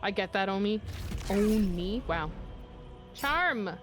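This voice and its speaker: A woman's voice: medium pitch, expressive, takes it slowly, music in the background. A woman streaming a video game, talking casually and swearing freely as she reacts to the play. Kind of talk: casual gameplay chat.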